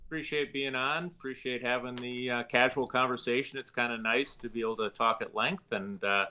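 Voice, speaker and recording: A middle-aged man from Wisconsin answering interview questions in a relaxed, plainspoken way with filler pauses. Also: medium pitch, slight background noise. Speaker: guest, former state attorney general.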